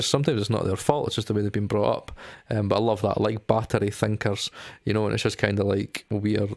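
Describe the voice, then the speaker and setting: A young man talks casually to camera, rambling and stopping to say um between thoughts. His voice sits a little low and barely rises or falls. The sound is close and dry. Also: creaky, a little mellow, dry recording. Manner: rambling, lots of ums and restarts. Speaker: music vlogger.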